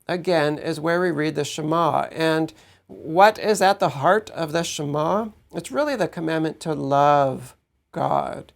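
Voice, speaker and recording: A man giving a measured Bible teaching to his congregation, often checking in with "right?". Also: on the high side, creaky. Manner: explanatory, measured, asks "right?" to listeners.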